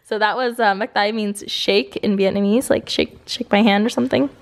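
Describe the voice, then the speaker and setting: A woman's voice: medium pitch, steady tone, normal speed, hardly any pauses. A woman vlogging at home and talking to her dog in a giggly, cooing voice, with a dog heard in the background. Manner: cooing baby talk to a pet, giggly. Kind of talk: casual vlog chat with her dog.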